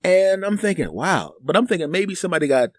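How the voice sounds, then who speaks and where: A man's voice: high-pitched, animated, fast talker, dry recording, studio quality. Rambling middle-aged man telling stories. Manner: rambling, repeats words, acts out both sides of dialogue. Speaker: podcast host. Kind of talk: casual storytelling monologue.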